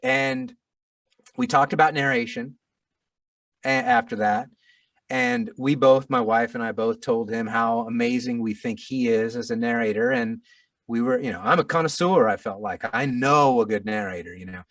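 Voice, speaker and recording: A middle-aged man, an audiobook narrator, telling a story in a casual interview, animated and self-deprecating with frequent restarts. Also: medium pitch, normal speed, no room sound, recorded from a distance.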